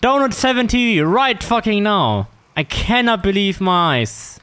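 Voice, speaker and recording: A young man streaming a game live, excitable and swearing as he banters with a teammate. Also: high-pitched, a little slow, clear, resonant tone, no echo. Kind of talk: live gaming stream chat.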